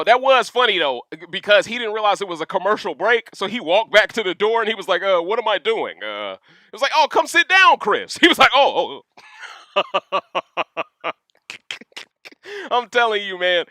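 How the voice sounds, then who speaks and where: A young man hosting a casual livestream rant, reading chat questions aloud and talking in an animated, slangy way full of asides. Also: a little high, no echo, studio quality. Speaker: livestream host.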